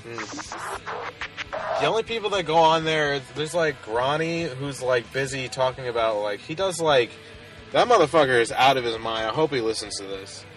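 A man's voice: mid-range voice, moderate pace, a bit bright, soft background music. Rambling young man on a crude podcast. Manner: rambling, filler-heavy, laughing at own jokes. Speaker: podcast co-host. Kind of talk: crude comedic banter.

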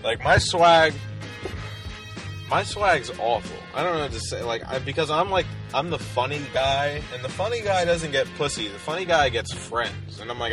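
A man's voice: a little high, expressive, normal speed, over music. A young man casually telling a rambling, profane story full of "like," as a podcast co-host. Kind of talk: casual chat.

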